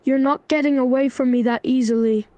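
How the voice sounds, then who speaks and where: A woman's voice: sits high, fairly even intonation, brisk, no echo, dull audio, close to an everyday voice. Edward: a synthetic woman voicing a stern angry young man.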